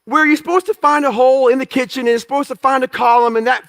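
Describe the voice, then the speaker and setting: Talking fast in an extremely high voice with fairly even intonation, a motivational speaker tells an audience about his life. He's blunt and profane, and he impersonates the people he quotes in his stories.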